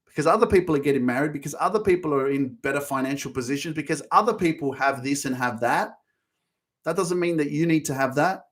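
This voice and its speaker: A man in his thirties hosting a motivational podcast, talking passionately and with emphasis, cursing freely and repeating phrases to drive points home. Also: a little high. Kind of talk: motivational monologue.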